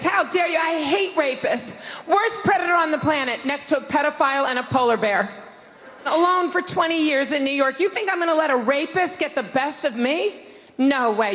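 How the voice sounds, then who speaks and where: Brief: older woman stand-up, brash and punchy, high-pitched, long theater reverb. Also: animated. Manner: brash, rapid-fire, shouting punchlines. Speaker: stand-up comedian. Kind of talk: stand-up comedy set. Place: large theater stage with audience. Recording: reverberant hall, faint noise.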